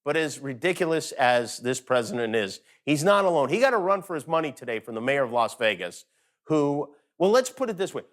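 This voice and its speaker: A man's voice: mid-range voice, big pitch swings, brisk. A man hosting a late-night show, delivering a sarcastic comedic monologue from home.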